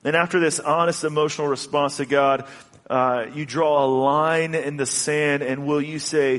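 A man preaching a sermon in an earnest, halting way, often restarting his sentences. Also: on the high side, fairly even intonation, fairly bright tone. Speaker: pastor. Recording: long hall reverb.

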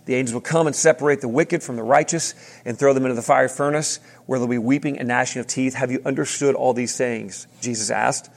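A man preaching a sermon in a casual, animated way, with slang and restarts. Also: medium pitch, fast talker, creaky, few pauses. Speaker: pastor. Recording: long hall reverb.

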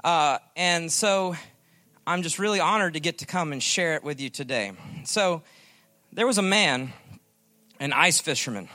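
A man giving a sermon as a guest preacher, folksy and joking, slowing down to stress his points. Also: fairly high pitch, expressive, sharp tone.

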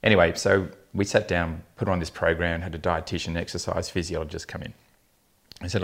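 A man's voice: sits low, little pitch movement, a little fast, vocal fry. A man, a fertility specialist telling blunt, funny patient stories in a casual podcast chat. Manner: anecdotal, laughing often, blunt humour.

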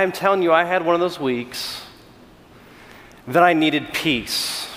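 Animated pastor in a reverberant hall. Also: male voice, a little high. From California. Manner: animated storytelling, self-deprecating, frequent restarts. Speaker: senior pastor. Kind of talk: conversational sermon.

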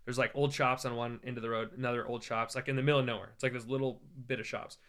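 An American man, a traveling evangelist, telling a story in a podcast interview, animated and joking and acting out the voices of the people he quotes. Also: mid-range voice, fast, clean tone. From United States. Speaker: evangelist guest. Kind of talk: conversational storytelling.

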